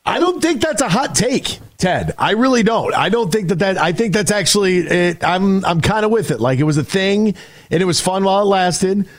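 A man's voice: sits high, animated, normal speed, dry recording, clean studio sound. A man hosting a sports radio show in a casual, emphatic style, often restarting his sentences. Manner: conversational, emphatic, frequent restarts.

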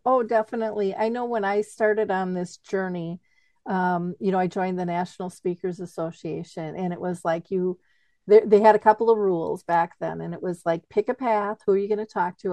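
Chatty, animated woman host, dry sound. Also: medium pitch, fairly quick, no room sound. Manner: animated, chatty, laughs easily. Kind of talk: interview conversation.

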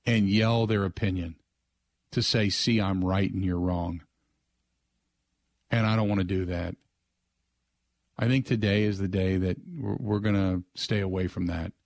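A man's voice: lowish voice, no echo. An older man hosting a sports talk radio show, talking in a loose, rambling, conversational way and repeating the call-in number. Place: radio studio. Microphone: close studio mic.

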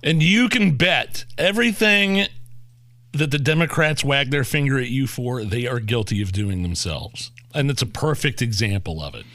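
A man co-hosts a political talk show with a forceful, bright voice, pressing his points hard. The sound is close and dry. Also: medium pitch, animated, moderate pace, dry recording. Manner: emphatic, rallying. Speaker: co-host. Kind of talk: political commentary chat.

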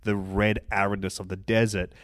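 Australian man, low-pitched, dry close recording, thoughtful film talk. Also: level tone, moderate pace, no room sound. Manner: thoughtful, many "like" fillers. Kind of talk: casual film discussion.

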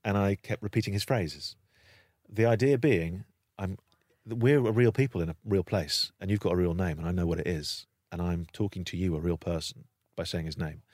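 A British man with a fairly low voice tells an anecdote in relaxed conversation. He is animated and slips into other people's voices as he goes. The sound is dry and close, with no room around it. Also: normal speed, no echo. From Britain. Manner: animated storytelling, acting out voices. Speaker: guest storyteller. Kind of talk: casual anecdote on a podcast.

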